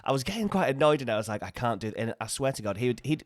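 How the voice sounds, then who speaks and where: A young man hosting a podcast, telling stories with quick, expressive jumps into the voices of the people he quotes. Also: medium pitch, no room sound, clean studio sound. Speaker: podcast host. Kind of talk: casual podcast chat.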